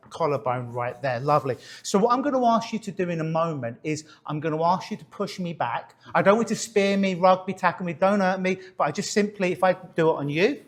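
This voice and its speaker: A man working as a stage hypnotist, coaxing and instructing a volunteer during a live demonstration on stage. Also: on the high side. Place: on a stage before an audience.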